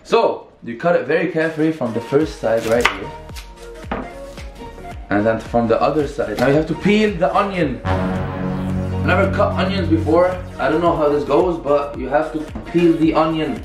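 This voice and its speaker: A young cooking vlogger gives a casual, chatty tutorial in his home kitchen, upbeat and talking while he works. His voice is a little high and expressive at a moderate pace. Someone else holds the camera, and the room is echoey with background music behind him.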